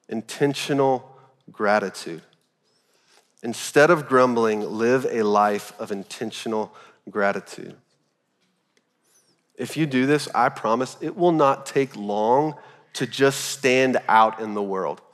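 A man in his thirties preaching a sermon as pastor, telling a story in a loose, animated, conversational way full of "like". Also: medium pitch, in a large hall. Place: church auditorium.

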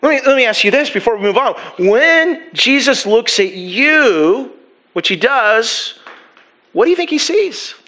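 A pastor preaching a sermon in a church, talking in a loose conversational way with many restarts and asides. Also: male voice, very high-pitched, big pitch swings, unhurried, pushed and bright, poor audio.

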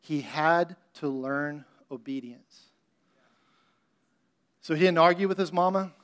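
A male pastor preaches a sermon. He talks conversationally and slips into little acted voices for the scenes he retells. His voice sits a touch high for a man. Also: slow, fairly bright tone, clear, resonant tone.

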